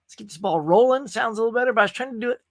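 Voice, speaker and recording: A man's voice: very high voice, rapid-fire, fairly bright tone. A middle-aged man hosting a casual live stream, chatty and upbeat as he reads out viewers' comments. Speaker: host.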